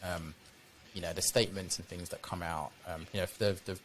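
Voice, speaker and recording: Man, very low voice, casual podcast chat, faint noise behind. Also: fairly even intonation, a little fast. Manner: conversational, full of tag questions. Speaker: podcast co-host.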